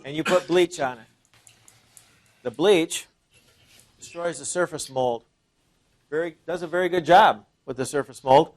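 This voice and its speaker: A man's voice: fairly high pitch, measured pace, pauses often. A man presenting at an informal seminar, talking conversationally and asking the audience rhetorical questions, often repeating and restarting phrases. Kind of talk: informal sales seminar talk.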